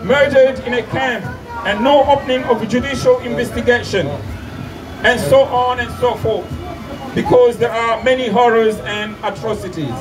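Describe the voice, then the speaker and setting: A man's voice: extremely high pitch, fairly even intonation, normal speed. A man from Comoros delivering a political speech at an outdoor protest, denouncing injustice and often restarting his phrases. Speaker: protest speaker. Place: outdoor city square at a street protest. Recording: distant mic, loud outdoor street noise with traffic.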